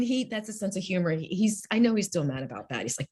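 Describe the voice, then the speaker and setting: A woman's voice: on the low side, big pitch swings, fast talker, warm tone. A woman guest on an interview podcast, speaking candidly, laughing often and acting out what people say. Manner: candid, laughs often, acts out quoted speech. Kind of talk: conversational interview.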